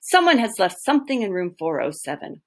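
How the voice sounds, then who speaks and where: A woman's voice: mid-range voice, big pitch swings, brisk. A woman doing a cheeky, overly polite boy. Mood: eager. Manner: overly polite, mock-posh. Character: eager, cheeky boy hotel worker, about twelve.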